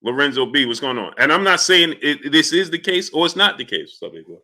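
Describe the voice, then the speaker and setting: A man's voice: on the high side, a little fast. A man hosting a live stream, greeting viewers by name and ranting with heat. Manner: animated, heated, shouts out chat names. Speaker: livestream host.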